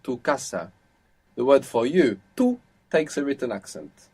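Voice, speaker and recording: Male language tutor for a recorded course, mid-pitched, patient, step-by-step explainer. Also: big pitch swings, a little slow, a little mellow, husky. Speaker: language teacher. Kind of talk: audio course instruction.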